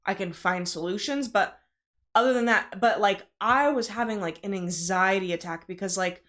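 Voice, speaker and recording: A woman's voice: mid-range voice, normal speed, a bit bright. A young woman co-hosting a podcast, talking casually and filling her speech with "like". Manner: chatty, fills talk with "like". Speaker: podcast co-host. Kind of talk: casual chat.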